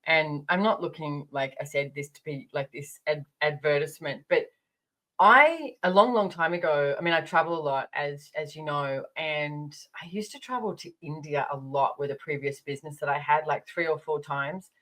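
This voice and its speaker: A woman's voice: low-pitched, normal speed, fairly bright tone, low-quality recording. A woman hosting a podcast, chatting casually with her guest and telling her own story. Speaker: podcast host. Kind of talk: casual interview chat.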